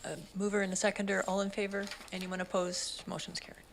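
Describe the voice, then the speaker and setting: A woman with a Canadian accent chairing a public committee meeting, making brisk, routine procedural calls. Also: medium pitch, level tone, vocal fry, a little hiss or hum, low-quality recording. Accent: Canadian English. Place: council chamber.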